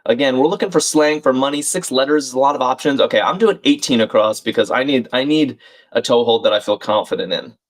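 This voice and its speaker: This crossword streamer talks fast in a mid-range voice while solving live. Thinking aloud, he reads the clues and his viewers' names and keeps the chat going with friendly asides.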